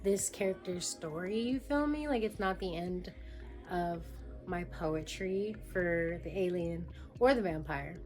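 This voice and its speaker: A young woman musician talking casually to camera about making her album, full of fillers and quick asides. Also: on the high side. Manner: chatty, filler-heavy, jumps into quoted voices.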